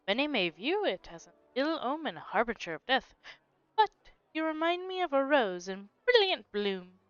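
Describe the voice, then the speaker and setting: A woman voicing a gallant, flowery flatterer while reading game dialogue aloud. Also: sits high, moderate pace, dry recording, lo-fi sound, voice pushed up. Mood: flattering.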